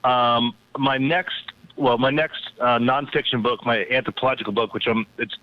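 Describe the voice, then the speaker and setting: Guest: a man of medium pitch, rambling and restarting, heard through a tinny phone line. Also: steady tone, normal speed, no room sound. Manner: rambling, with many fillers and restarts. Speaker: guest, anthropologist and poet. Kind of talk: casual interview over a phone line.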